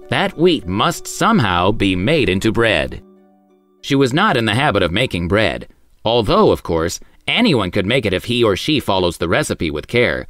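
Sing-song male storyteller. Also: on the low side. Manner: expressive, sing-song reading. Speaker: storyteller host. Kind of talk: children's story narration.

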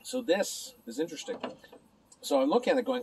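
A man's voice: high-pitched, very animated, brisk, vocal fry, a little mellow, slight background noise, poor audio. A man casually reviewing a beer alone at home, rambling and chatting to his viewers and to himself.

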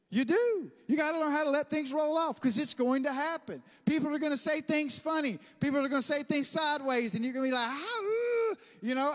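High-voiced pastor preaching in a hall. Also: male voice. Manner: animated storytelling, bursts of loud laughter; preacher who calls for amens. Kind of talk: sermon. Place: church sanctuary. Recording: long church-hall reverb.

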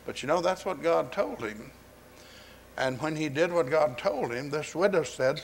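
A pastor preaching a folksy storytelling sermon, retelling scripture and acting out its voices, on a 1980s sermon recording. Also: male voice, on the high side, moderate pace, slight background noise.

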